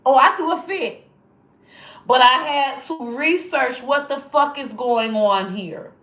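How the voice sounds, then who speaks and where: A woman hosting casual commentary, animated and profane, often jumping into high squealing voices. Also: slow. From American South. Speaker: host.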